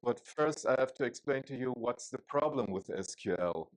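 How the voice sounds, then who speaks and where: A German man with a German accent gives a chatty, joking technical talk at a conference, full of fillers and restarts. His medium-pitched voice is animated and runs at normal speed, though the audio is poor.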